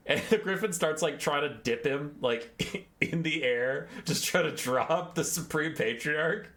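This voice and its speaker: A man's voice: a little high, normal speed, fairly bright tone. A young man giving a casual, rambling and sarcastic lore recap, swearing and acting out characters. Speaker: lore video host.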